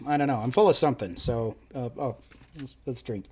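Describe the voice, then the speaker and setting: A man's voice: mid-range voice, brisk, husky. A young man co-hosting a casual podcast live stream, rambling and laughing as he talks, with frequent restarts. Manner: rambling, laughing, self-interrupting. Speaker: podcast co-host.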